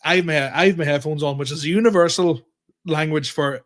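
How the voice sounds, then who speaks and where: A young man with a Northern Irish accent, telling a story on a podcast in animated, sweary casual chat and acting out what people said. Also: fairly high pitch, fairly quick. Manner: animated, swearing, acts out quoted exchanges. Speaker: podcast host.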